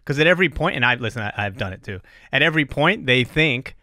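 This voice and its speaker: A man in his forties hosts a casual podcast, talking in a profane, animated rant and often breaking into laughs. His voice sounds bright and forceful. The sound is dry, with no room echo. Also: medium pitch, fast talker. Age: 40s. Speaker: podcast host.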